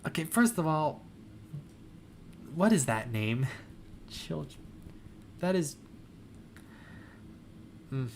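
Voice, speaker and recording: A man's voice: fairly high pitch, sing-song, slow pace, creaky, long pauses, a little mellow, slight background noise. A young man reading his old fan fiction aloud and breaking off with self-mocking laughter and commentary. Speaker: reader.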